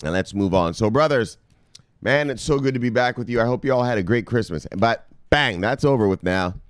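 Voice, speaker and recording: Crisp-voiced, profane crypto vlog host. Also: male voice, medium pitch, lively intonation, a little fast, dry recording, studio quality. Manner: loose, profane, says "bang" as a catchphrase. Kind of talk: casual vlog talk. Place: home studio in South Beach.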